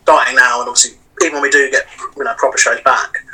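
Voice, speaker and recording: A man's voice: mid-range voice, fairly even intonation, fast talker, sharp tone, distant mic, rough recording. A man, a wrestling promoter and wrestler, chatting casually on a podcast over a video call and rambling with lots of "you know" fillers.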